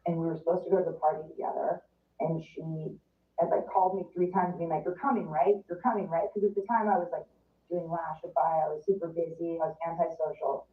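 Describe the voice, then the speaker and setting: A woman's voice: deep voice, fairly even intonation, fairly quick. Woman guest rambling through a story, lots of "like", sounds far off and tinny in a roomy space. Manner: chatty, full of "like", acts out quotes. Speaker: interview guest. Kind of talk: casual storytelling interview. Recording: distant, roomy, phone-like sound.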